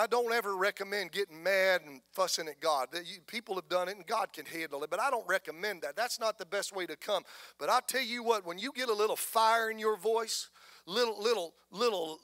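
A man with a Southern US accent preaching a sermon as pastor, impassioned, swinging from soft talk to shouting. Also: high-pitched, a little fast, no echo, studio quality.

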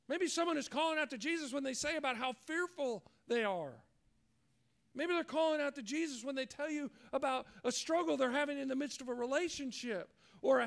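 High-voiced man preaching a sermon. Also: vocal fry. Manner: earnest, acts out quoted voices. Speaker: pastor.

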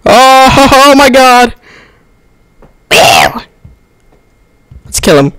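A young man on a headset giving excitable let's-play commentary, yelping and laughing as he plays. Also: extremely high pitch, drawn-out words, clean tone, no room sound. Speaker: gamer.

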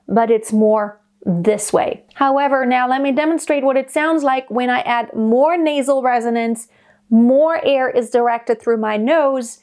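Woman voice teacher, slightly high voice. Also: darkish tone. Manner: clear step-by-step explaining. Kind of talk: singing lesson.

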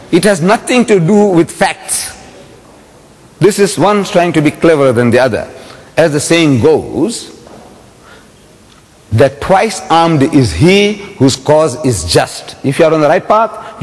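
A man giving a public religious lecture, telling a story dramatically and firing rhetorical questions at the audience. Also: fairly high pitch. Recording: long hall reverb.

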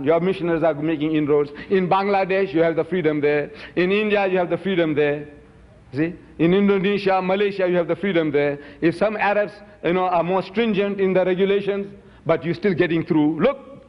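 A man giving an emphatic public lecture, firing rhetorical questions at his audience. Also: sits high. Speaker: Muslim lecturer. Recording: dull recording in a reverberant hall.

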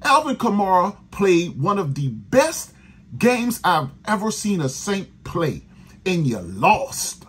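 Angry new guy cussing about his team, really raspy voice, pitch jumps all over. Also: big pitch swings, slow, a bit bright. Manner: profane, exasperated ranting. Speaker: sports podcast host. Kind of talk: angry fan rant.

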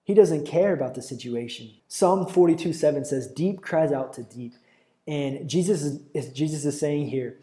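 A young man preaching an earnest sermon, reading scripture and rising to loud cries as he quotes it. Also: on the high side, lively intonation, normal speed.

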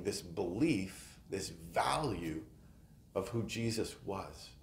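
A man preaching a sermon as pastor, speaking earnestly and with emphasis, often letting his phrases fade softly at the end. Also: mid-range voice. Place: chapel. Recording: echoey chapel room.

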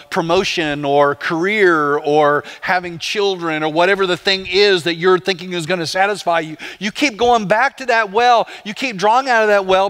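A man's voice: high-pitched, fairly bright tone. A man, a pastor, preaching a conversational sermon with rhetorical questions to the congregation.

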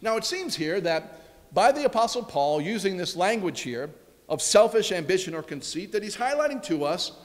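A man preaching a sermon as pastor, emphatic and repetitive, with his voice dropping low at the ends of phrases. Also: very animated, normal speed, big-room sound. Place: church sanctuary.

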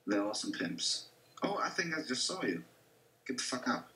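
A man's voice: medium pitch, big pitch swings, normal speed, pushed and bright, roomy sound, low-quality recording. A man playing a game alongside the host, chatting casually and throwing in crude, teasing jokes. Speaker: co-player.

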